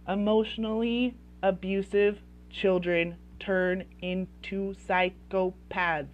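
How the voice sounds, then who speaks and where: Woman, 30s, parenting coach, blunt, impassioned, repetitive emphasis, lowish voice. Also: a little slow, a little mellow, muffled recording. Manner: blunt and impassioned, swearing, repeating phrases for emphasis. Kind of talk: direct-to-camera talk.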